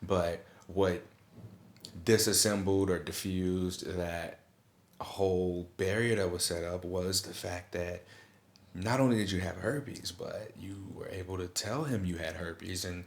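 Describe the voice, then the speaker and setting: A male podcast host reflects on his guest's story in a slow, measured way. His voice sits very low. He sounds like he's in an echoey room. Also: fairly even intonation, vocal fry. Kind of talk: reflective conversation.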